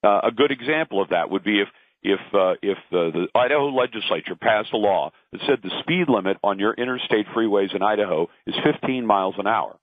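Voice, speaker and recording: A man's voice: lowish voice, animated, brisk, dry recording. A middle-aged man giving opinionated talk radio commentary, emphatic and argumentative, acting out the voices he quotes. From Pacific Northwest, lives in Portland. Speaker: radio talk host, guest. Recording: dry, tinny phone line.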